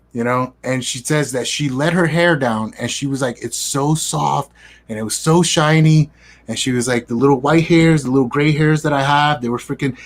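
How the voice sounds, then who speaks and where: A young man telling a casual, profane story in an interview and acting out the dialogue. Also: fairly high pitch. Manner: animated, profane, acts out quoted dialogue. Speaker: guest, business affiliate.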